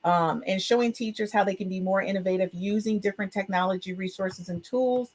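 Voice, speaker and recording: A woman's voice: mid-range voice, brisk. A woman hosting an education podcast, chatty and upbeat, with frequent fillers. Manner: expressive and emotional. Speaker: podcast host. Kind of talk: casual podcast talk.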